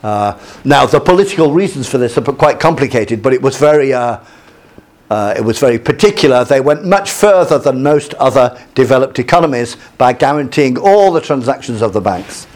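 A man's voice: medium pitch, animated, a little fast, a little mellow. Hesitant male lecturer with many fillers. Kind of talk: lecture with slides.

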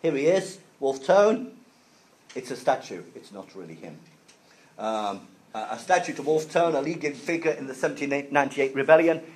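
A man's voice: mid-range voice, animated, a little mellow, rough recording. Man lecturing with many filler sounds. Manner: halting, many fillers and restarts, explains simply for learners. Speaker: teacher. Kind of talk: classroom history lecture.

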